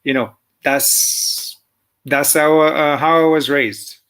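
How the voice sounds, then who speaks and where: A man's voice: a little high, steady tone, fairly bright tone. French man, ex-racer guest; casual, hesitant delivery with a French accent. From France. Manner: halting, many fillers and restarts, laughs easily. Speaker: former motocross champion guest. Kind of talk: casual interview over a call.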